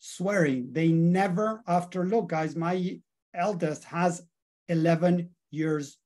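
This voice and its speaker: A man's voice: high-pitched, slow pace. A middle-aged man, a life coach, leading a live online training and calling out to his audience often. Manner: lively, addresses audience as guys often.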